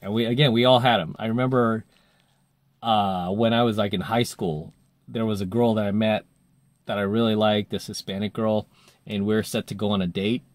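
A man's voice: fairly low pitch, steady tone, moderate pace, dry recording. A man coaching dating, telling a story in a casual monologue, full of fillers, and acting out the voices he quotes.

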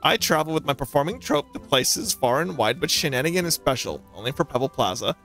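A man's voice: on the high side, sing-song, a little fast, fairly bright tone, faint music behind. A man reading aloud the lines of a flamboyant male traveling performer in a video game, with a grand, theatrical delivery. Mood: grandiose.

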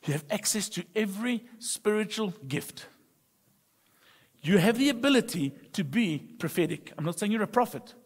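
A middle-aged pastor preaching a sermon, emphatic and humorous, moving between soft confiding talk and loud bursts. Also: male voice, high-pitched, animated, normal speed, breathy edge. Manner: humorous storytelling. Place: church sanctuary. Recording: long reverb of a church hall.

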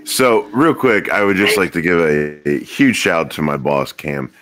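A man's voice: low-pitched, normal speed. A man co-hosting a podcast, telling a rambling, joking story in casual chat with a few curse words. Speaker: podcast co-host.

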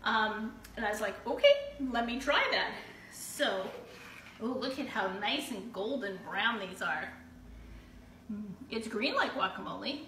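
A woman's voice: medium pitch, unhurried, sharp tone, far from the mic. A woman hosting a live stream, frying tortilla chips in her home kitchen and chatting to viewers, bubbly and full of whoops. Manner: bubbly, exclaims often with whoops. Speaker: host of a live giveaway show. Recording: roomy echo, voice a bit off-mic, faint room noise.

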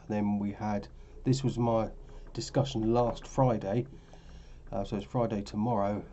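A man's voice: on the low side, level tone, unhurried, mellow, dull audio, slight background noise. Tired man talking through charts. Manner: rambling, self-correcting, tired and yawning. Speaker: forex trading vlogger. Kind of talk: casual screen-share commentary.

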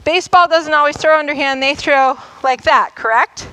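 A woman's voice: sits high, moderate pace, bright, forceful tone, slight background noise, poor audio. A woman coach demonstrating tennis drills for a class in a school gym, explaining each step and checking in often. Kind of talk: instructional demonstration.

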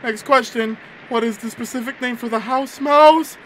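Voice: mid-range voice, moderate pace, a little hiss or hum. A gaming host giving jumpy, nervous commentary on a horror game, laughing nervously and reading the game's text aloud.

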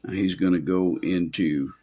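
A man's voice: deep voice, steady tone, normal speed, warm tone. A male pastor preaching a sermon in a folksy, rambling way with asides.

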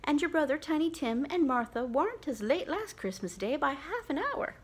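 A woman reading aloud and voicing a harried, warm-hearted mother of a poor family, brisk and fussing in a raised voice. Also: high-pitched, very animated, voice pushed up. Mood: fretful.

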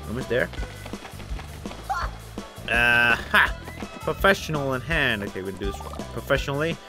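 A man giving playful let's-play commentary at a desk mic, giggling and shouting with excitement as he plays. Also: mid-range voice, moderate pace, music in the background. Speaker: gaming youtuber. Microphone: desk microphone with headphones.

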